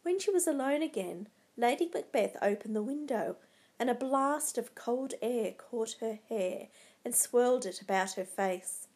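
Slow, dramatic female storyteller. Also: fairly high pitch, expressive, darkish tone. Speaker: narrator. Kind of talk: storybook narration.

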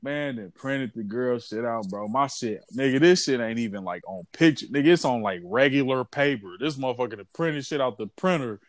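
A man telling a story in casual chat, lively and animated, acting out quotes. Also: mid-range voice, brisk, hardly any pauses, dry recording.

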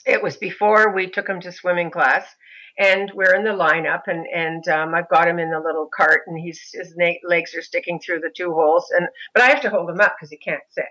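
A middle-aged mother recounts her experiences in an interview, animated and expressive, slipping into other people's voices. Her tone is bright and forceful, sitting a little low for a woman. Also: a little fast, poor audio. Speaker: mother of a son with a disability. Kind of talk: interview storytelling.

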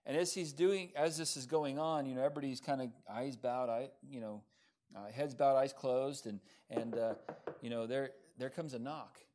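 A man preaching a sermon, telling the story in a lively, animated way with casual fillers and asides. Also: medium pitch, normal speed. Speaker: pastor.

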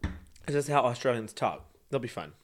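A man's voice: medium pitch, very animated, slight background noise. A man hosting a casual podcast, joking around and recounting a true crime case with lots of fillers. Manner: joking, drawn-out and laid-back, many fillers. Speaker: podcast host.

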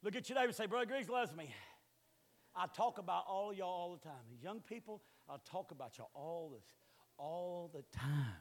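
A high-pitched man in his sixties preaching a sermon. He tells homely stories in a folksy drawl, then climbs into loud, hollering exclamations. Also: lively intonation, fairly quick.

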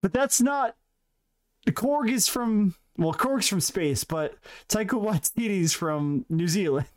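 A man's voice: sits high, expressive, slow. A man co-hosting a podcast, reading out quiz questions in a mock-teacher tone and laughing often. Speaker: podcast co-host running a quiz. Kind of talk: casual chat.

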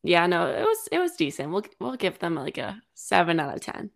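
Gravelly-voiced easygoing woman co-host. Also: fairly low pitch, big pitch swings, fairly quick. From Massachusetts, US. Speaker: podcast co-host. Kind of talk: casual chat.

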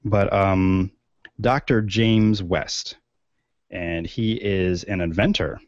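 A man's voice: sits low, steady tone, slow pace, no echo. A man co-hosting a podcast in casual chat, rambling with many fillers and restarts. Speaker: podcast co-host. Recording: dull, lo-fi sound.

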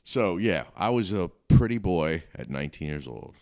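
A man's voice: deep voice, very animated, moderate pace, gravelly, a little mellow, smooth. A middle-aged man, a comedian guest, telling blunt, matter-of-fact stories in casual chat.

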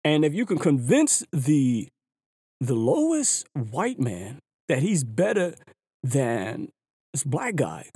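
Animated slangy man over hip hop. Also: medium pitch, takes it slowly. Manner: animated, slangy, repeats words. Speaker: podcast host. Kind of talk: casual opinion monologue. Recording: hip hop music underneath. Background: hip hop music.

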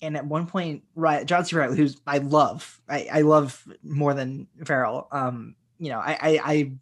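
Male co-host, husky tone, halting casual film chat full of fillers. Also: on the high side, steady tone. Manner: halting, many fillers and restarts. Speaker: podcast co-host.

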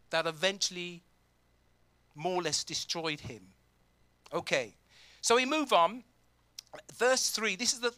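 A pastor preaching a sermon, reading scripture aloud and acting out imagined prayers with plenty of pauses and fillers. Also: male voice, high voice, bright, forceful tone, no room sound. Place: church.

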